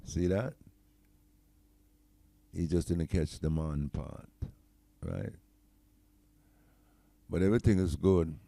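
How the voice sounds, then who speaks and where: A man's voice: low-pitched, takes it slowly, vocal fry, pauses often, warm tone, no echo. A middle-aged man with a Jamaican accent, chatting loosely as he demos his own AI website and keeps checking in with "right?". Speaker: tech founder demoing his AI site. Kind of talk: casual screen-share demo.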